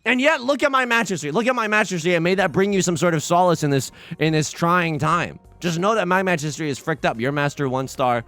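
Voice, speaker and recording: A young man casually commenting on his own game play, jokey and animated, talking to his chat with sudden loud outbursts. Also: fairly high pitch, quick pace, hardly any pauses, soft background music. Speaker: let's play streamer.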